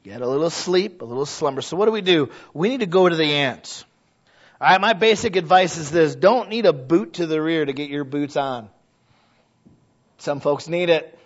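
Man, pastor, high voice, sermon, conversational then loud and urging, muffled lo-fi recording. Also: normal speed. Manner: conversational preaching, builds to loud exhortation. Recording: dull lo-fi recording.

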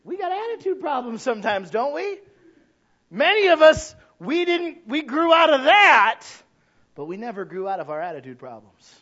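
A middle-aged man preaching a sermon, swinging from quiet conversational asides to loud shouted passages and acting out little scenes in voices. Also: extremely high pitch, very animated, normal speed, dull audio. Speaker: pastor. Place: church.

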